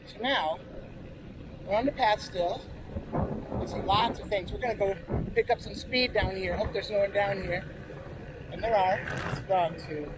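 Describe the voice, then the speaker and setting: A man's voice: sits high, measured pace, pauses often. A man chatting casually as he rides a bike outdoors and narrates the route, out of breath at times. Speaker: vlogger. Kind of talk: casual talk while cycling. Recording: loud outdoor noise.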